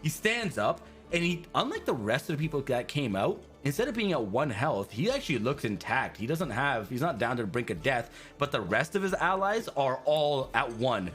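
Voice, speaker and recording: A man narrating a tabletop game as game master, an animated storyteller full of fillers who laughs easily. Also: mid-range voice, normal speed, few pauses, faint music behind.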